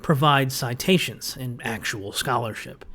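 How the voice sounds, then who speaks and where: A man's voice: mid-range voice, unhurried, fairly bright tone. A man delivering a scripted rebuttal commentary, sarcastic and lecturing, with a pointed, explanatory manner. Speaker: video essayist.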